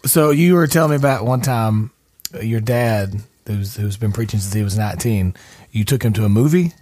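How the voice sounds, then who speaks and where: Easygoing podcast host, dry sound. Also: male voice, fairly low pitch, normal speed, a little mellow, dry recording. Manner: easygoing, prompting guests with questions. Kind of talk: casual interview chat.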